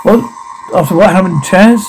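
A man's voice: high-pitched, brisk, soft background music, natural voice, poor audio. A man voicing a frightened, impatient young woman in an amateur audio drama, speaking in anxious questions.

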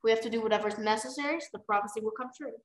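A woman's voice: on the high side, racing, roomy sound, natural voice. A woman voicing a nervous, eager-to-please male dragon who talks in a hesitant, flustered way.

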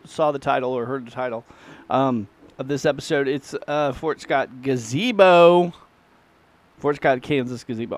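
A middle-aged man, hosting his own podcast in a casual, folksy, self-deprecating ramble. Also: mid-range voice. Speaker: podcast host and musician. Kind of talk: casual solo chat.

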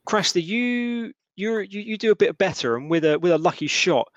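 A man's voice: a little high, animated, no echo, highs cut off. Dry-voiced man running a tabletop game. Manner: halting, lots of restarts and fillers. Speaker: game master.

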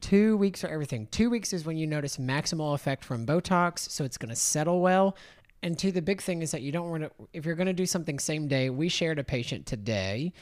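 Brisk woman injector hosting a chat. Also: deep voice, expressive, a little mellow. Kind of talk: casual chat about skin treatments.

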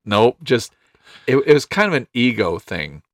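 A man's voice: mid-range voice, huge pitch swings, normal speed, fairly bright tone, no echo, clean studio sound. A man co-hosting a podcast with his brother, telling family stories in a rambling, casual way and chuckling often. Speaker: podcast co-host. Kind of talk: casual chat.

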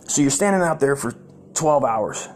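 Profane, rambling comic storyteller. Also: male voice, medium pitch, lively intonation, normal speed. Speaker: comedic storyteller.

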